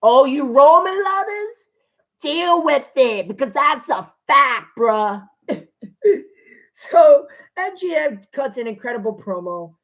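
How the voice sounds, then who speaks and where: A woman giving a casual spoken review of a wrestling show, excitable and profane, breaking into gushing shouts. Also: high voice, slow pace.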